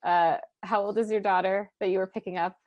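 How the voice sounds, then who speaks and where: A woman who works as a business coach, a guest on a podcast, speaking in an excited, heartfelt and emotional way. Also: medium pitch, fairly quick, no echo. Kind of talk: casual interview chat.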